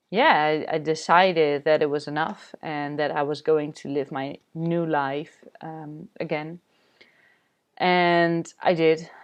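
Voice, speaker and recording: A woman from the Netherlands, a spiritual coach, telling a personal story in a candid vlog, halting with many fillers. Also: low voice, clear, resonant tone. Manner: candid, confessional.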